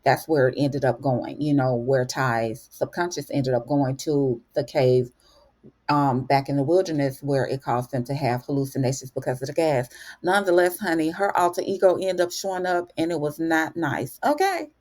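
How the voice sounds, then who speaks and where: A woman hosting a casual TV recap, chatty and animated, calling her viewers "honey". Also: extremely low pitch, moderate pace. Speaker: TV recap host. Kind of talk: casual spoken episode recap.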